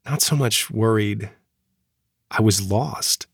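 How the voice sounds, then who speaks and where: A grieving young man, played by a man speaks softly in short, halting lines. His voice is husky and sits at a middle pitch, recorded dry and close. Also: no echo, heavily acted. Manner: halting, quiet, emotional. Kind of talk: dramatized chat transcript reading.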